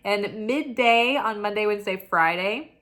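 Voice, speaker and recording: Tired woman oracle host, medium pitch, talks casually and laughs at herself. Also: unhurried, fairly bright tone. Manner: chatty and self-mocking, lots of "like". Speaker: spiritual oracle reader. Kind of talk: casual chat.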